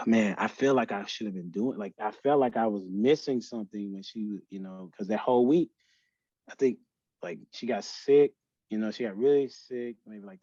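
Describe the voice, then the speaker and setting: A man talking as a podcast guest in a personal, emotional conversation, speaking haltingly with many restarts and fillers. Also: on the low side, no room sound, lo-fi sound.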